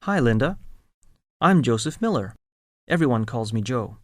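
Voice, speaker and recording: A man playing a friendly young man introducing himself in a scripted listening-exam dialogue, spelling clearly and deliberately. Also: mid-range voice, animated, no echo, clean studio sound, lightly acted.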